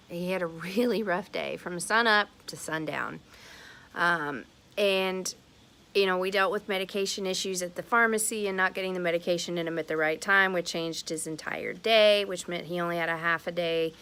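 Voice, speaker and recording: A woman with a fairly low voice speaks frankly and with emphasis to her camera. She tells a home story in a casual way, recorded on a camera mic at home. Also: a bit bright. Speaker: vlogger, mother. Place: at home, near a porch.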